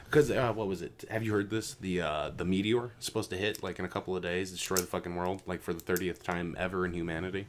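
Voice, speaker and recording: A man hosting a casual podcast, ranting with lots of swearing, jumping between loud outbursts and low mutters. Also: quick pace, hardly any pauses, over music. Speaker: podcast host.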